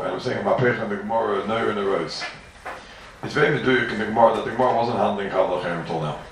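A man's voice: lowish voice, noisy background. A man giving an emphatic Talmud lecture full of questions and repeated phrases. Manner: questioning, sing-song and emphatic, with many repeats. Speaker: Talmud teacher. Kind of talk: fast yeshiva-style Talmud lecture. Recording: roomy echo, voice from far off the mic.

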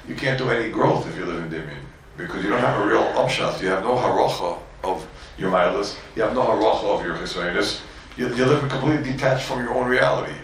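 The speaker is a Borough Park, New York rabbi giving yeshiva students a Torah lesson peppered with Hebrew and Yiddish words, often repeating himself and acting out quotes. His fairly low voice moves quickly with hardly any pauses. Audio quality is poor, very echoey and distant, with slight background noise.

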